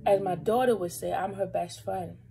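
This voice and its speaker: A woman's voice: lowish voice, fairly even intonation, normal speed, gravelly, background noise. A young woman vlogger telling a personal story to camera in a rambling, casual way, fighting back tears at times. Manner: emotional, holding back tears; rambling, lots of fillers.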